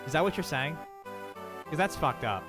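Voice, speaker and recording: A streamer giving casual live commentary on a game, chatty and quick to swear. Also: mid-range voice, lively intonation, music in the background.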